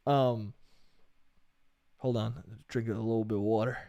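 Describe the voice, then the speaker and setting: A man's voice: on the low side, steady tone, a little slow, mellow, dry recording. A man hosting his own solo comedy podcast, telling stories in a loose, swearing way and laughing at his own jokes. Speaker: podcast host.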